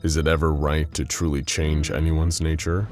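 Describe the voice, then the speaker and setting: A man's voice: a bass voice, level tone, normal speed, a little mellow. A man narrating a scripted story with dramatic storyteller pacing. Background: faint music.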